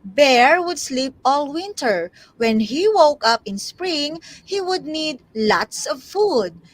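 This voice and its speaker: A woman co-teaching an online lesson and reading a story aloud slowly and expressively. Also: high-pitched, big pitch swings, low-quality recording. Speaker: co-tutor.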